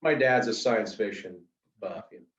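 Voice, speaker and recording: A middle-aged man telling anecdotes in a casual, animated way, full of fillers, as an author being interviewed. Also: fairly low pitch, moderate pace. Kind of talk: casual storytelling. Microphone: video call. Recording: roomy, distant, dull video call audio.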